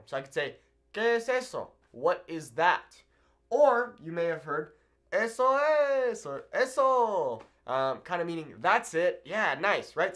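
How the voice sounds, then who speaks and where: Man, online language teacher, animated delivery with a lively, swinging pitch; keeps checking in with the viewer. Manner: upbeat, animated, keeps asking "okay?". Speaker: Spanish teacher. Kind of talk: video language lesson.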